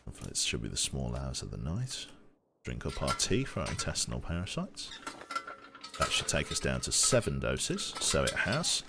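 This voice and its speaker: A man's voice: rumbling low, wildly swooping pitch, normal speed, creaky, very noisy. A young man with a Brummie accent giving casual, rambling commentary while streaming a survival game, swearing casually and restarting his sentences.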